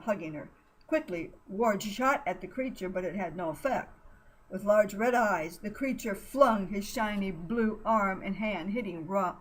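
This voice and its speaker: A woman narrating an adventure storybook at a middling pitch. Her reading is expressive but sometimes stumbles over words and corrects itself. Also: rough recording.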